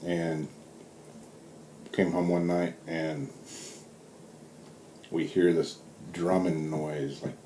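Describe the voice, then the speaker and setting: A man's voice: sits low, fairly even intonation, unhurried, long pauses, warm tone. Man, middle-aged, southern us accent, rambling vlog chat, echoey room, faint hiss. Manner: laid-back, rambling, full of fillers. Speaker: vlogger. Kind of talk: casual storytelling vlog. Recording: roomy with faint background hiss.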